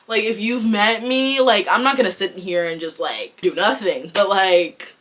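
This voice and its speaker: A woman's voice: medium pitch, normal speed. A young adult woman from Boston with a Boston accent, talking casually to camera as an actor vlogger, chatty and candid with lots of "like". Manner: chatty, fills with "like", candid and excitable.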